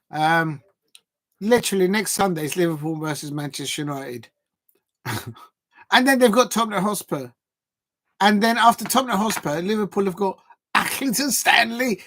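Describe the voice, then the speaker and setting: A man's voice: high-pitched, a bit bright. A man, hosting a football livestream and chatting casually with viewers, rambling and thinking aloud with plenty of fillers. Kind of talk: casual live chat reacting to viewers.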